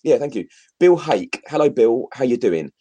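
A man's voice: mid-range voice, expressive, moderate pace, mellow, slight background noise. A man co-hosting a casual livestream, reading viewer comments aloud and talking to the audience directly. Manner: chatty, addresses viewers directly, laughs often. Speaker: co-host reading chat comments.

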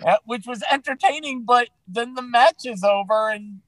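High-voiced podcast host guy, chill, passes topics around. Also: moderate pace, a bit bright, poor audio. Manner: easygoing, hands topics to others. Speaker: podcast host leading the segments. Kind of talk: casual podcast chat.

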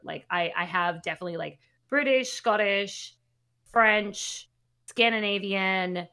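Woman, twenties, bright tone, animated casual storyteller. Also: mid-range voice, normal speed. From Australia. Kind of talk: casual chat.

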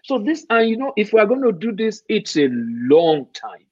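A Nigerian man with a high, very animated voice, darkish in tone with a breathy edge, speaks at a moderate pace. As a guest in a conversational interview, he talks emphatically and poses rhetorical questions. The recording is dry with no room sound, dull and muffled.

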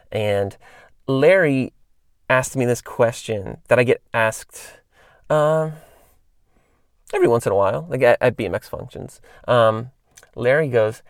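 A man's voice: mid-range voice, moderate pace, gravelly, no room sound, clean studio sound. A man in his late thirties telling stories in a casual, rambling monologue, full of fillers and tangents, as a podcast host. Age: 30s.

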